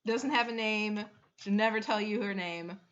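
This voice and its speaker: A woman's voice: medium pitch, normal speed, a bit bright. A woman running a tabletop game as game master, chatty and giggly, explaining the rules step by step. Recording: dull lo-fi recording.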